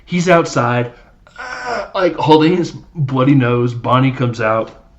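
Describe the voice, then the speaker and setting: A man's voice: medium pitch, lively intonation, slow pace, muffled recording. A man hosting a podcast, casually recapping a film in a loose, chatty way with lots of fillers. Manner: loose and chatty, many fillers, laughs while acting out scenes. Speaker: podcast host.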